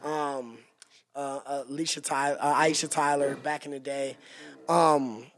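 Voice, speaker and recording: A man's voice: medium pitch, steady tone, a little slow, a bit bright, no echo. A man chatting casually as a guest on a podcast, loose and profane, often slipping into playful bits.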